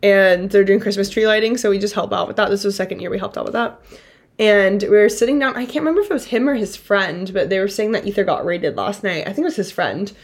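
Young woman chatting on a podcast. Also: medium pitch. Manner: quick reactions, chatty asides. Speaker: podcast host. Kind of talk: casual chat.

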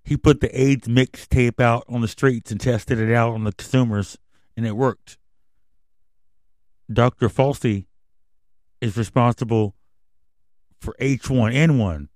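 On his own radio show, a podcast host launches into a profane, rambling monologue full of conspiracy talk, finishing emotional and subdued. He speaks at a measured pace in a mid-range, darkish voice, with fairly even intonation and long pauses. The sound is studio quality, with no echo.

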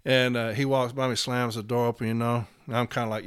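A man's voice: mid-range voice, level tone, a little fast, a bit bright, smooth. A man telling a story about a workplace confrontation, blunt and profane, acting out both sides of the argument as a union representative. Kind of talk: storytelling monologue.

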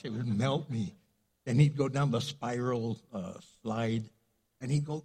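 A man's voice: mid-range voice, moderate pace, dark tone, husky. An older man preaching a sermon as pastor in a church sanctuary, talking conversationally with frequent fillers.

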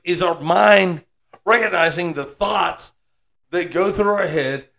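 A man's voice: high-pitched, vocal fry, fairly bright tone. A man co-hosting a casual chat, musing philosophically and laughing easily. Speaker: podcast co-host. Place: Texas.

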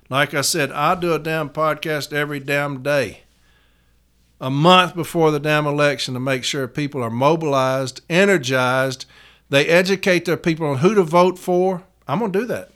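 A man's voice: fairly high pitch, moderate pace, a bit bright, smooth. A man, a union activist giving a blunt, profane rallying rant to fellow members. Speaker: letter carriers' union activist and podcaster.

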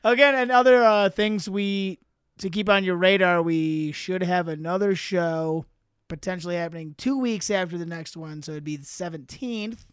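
A man's voice: sits high, normal speed, smooth, dry recording, studio quality. A man co-hosting a podcast in casual chat, laughing often, joking and swearing freely. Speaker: podcast co-host.

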